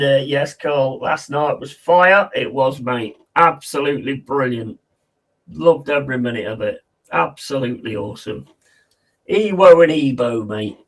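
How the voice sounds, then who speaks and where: His voice is mid-range and gravelly. Hosting a football watch-along, this man chats casually and laddishly with viewers, reading out their messages, replying, and calling the play.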